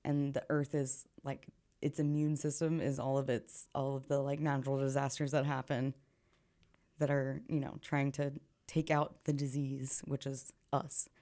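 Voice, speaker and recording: A woman's voice: a bass voice, little pitch movement, moderate pace, mellow. A woman hosting a reaction video, chatting earnestly with lots of fillers and now and then dropping to a whisper. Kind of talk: casual reaction commentary.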